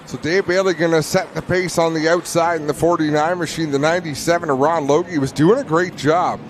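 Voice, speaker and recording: Joking race commentator man, somewhat high voice. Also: fairly even intonation, fairly quick. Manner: joking, easygoing banter. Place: outdoor speedway booth.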